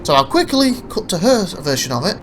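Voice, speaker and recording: A man's voice: high voice, sing-song, a little fast. A man narrating his own gameplay footage as a let's play, rambling through anecdotes with frequent restarts. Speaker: gameplay commentator.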